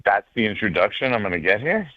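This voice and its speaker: A man's voice: on the low side, sing-song, fast, no room sound. A man speaking as a sports reporter guest on a radio show, joking and hesitant with lots of fillers, over a remote line. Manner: hesitant, ribbing, filler-heavy. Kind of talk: casual radio interview. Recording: dull dry remote line.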